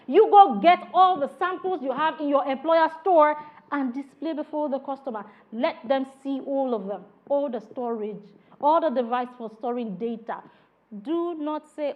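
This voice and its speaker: A high-voiced woman teaches customer service to a class, animated and often saying "all right" between points. She acts out little exchanges with customers as she goes. The recording sounds dull and lo-fi. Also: moderate pace, a little hiss or hum. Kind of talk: classroom lecture.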